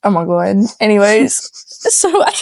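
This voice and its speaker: A woman's voice: medium pitch, big pitch swings, a little slow, darkish tone, no echo. A woman co-hosting a casual podcast, telling rambling stories with lots of laughter and casual swearing. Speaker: podcast co-host.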